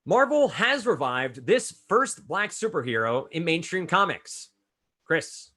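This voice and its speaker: Guy running trivia night, kinda high voice, bouncy, calls on people fast. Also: sing-song, bright, forceful tone. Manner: brisk, chatty, calls on players by name. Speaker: trivia quizmaster. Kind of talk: reading trivia clues and scoring answers.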